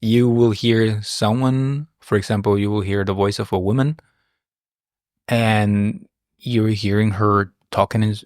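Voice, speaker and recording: Host: Spanish-native man with a lowish voice, easygoing and hesitant, dry mic. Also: a little slow, no echo. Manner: relaxed, hesitant, chuckles often. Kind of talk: casual conversation.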